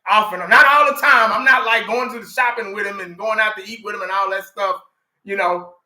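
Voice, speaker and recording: A middle-aged man talks to his audience in a loose, rambling way, circling back and restarting his thoughts. His voice sits fairly high with a very bright, sharp edge. The room around him is echoey. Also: fairly even intonation, fairly quick. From Texas. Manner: rambling, restarts a lot, addresses viewers. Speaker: fan channel host. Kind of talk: casual chat.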